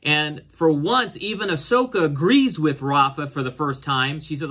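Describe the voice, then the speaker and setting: A man's voice: normal speed, few pauses, sharp tone, husky. A man casually recapping and reviewing a TV episode, rambling with lots of fillers and restarts. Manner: voices characters' lines with raised pitch. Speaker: show reviewer.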